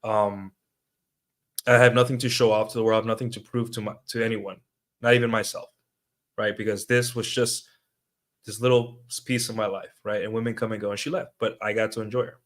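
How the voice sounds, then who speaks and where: A man's voice: on the low side, little pitch movement, brisk, a bit bright. Young guy streamer talking at his chat, loose and rambly, keeps saying right. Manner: conversational, many fillers and tag questions. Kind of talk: casual livestream commentary.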